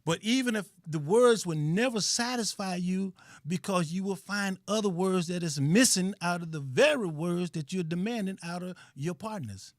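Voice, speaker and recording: A man's voice: high voice, moderate pace, no room sound, clean studio sound. A man hosting an online talk radio show, holding forth in an emphatic, preachy monologue that repeats phrases for stress and turns blunt and profane at times.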